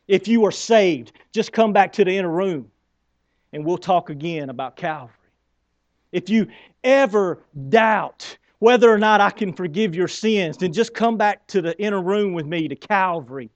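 A male pastor delivering a sermon in a conversational, emphatic way, stumbling over his words when he gets fired up. His voice sits a little high. The recording is dull and dry, with no sense of room. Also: dry recording.

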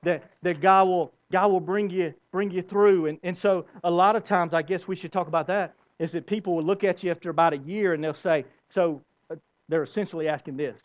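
A man's voice: high voice, fairly even intonation, brisk, lo-fi sound. A man preaching a sermon as pastor, emphatic, with rising bursts and repeated words.

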